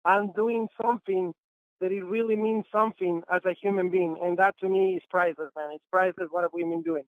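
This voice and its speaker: A man's voice: sits high, fairly even intonation, brisk, no echo. A man giving an enthusiastic, repetitive sales testimonial as a guest on a phone-in conference call. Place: Los Angeles. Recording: tinny phone line.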